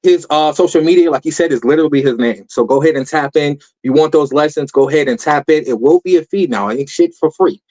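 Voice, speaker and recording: A man hosting a podcast, signing off in a hyped, slangy way and reeling off shout-outs. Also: on the high side, quick pace, hardly any pauses, low-quality recording. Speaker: podcast host. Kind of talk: casual podcast sign-off.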